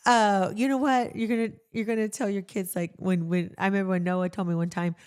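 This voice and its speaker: A middle-aged woman, a nurse co-hosting a casual podcast and telling animated stories. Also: medium pitch, fairly quick, smooth. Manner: animated storytelling, acts out quotes loudly. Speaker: podcast co-host, jail nurse. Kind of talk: casual chat.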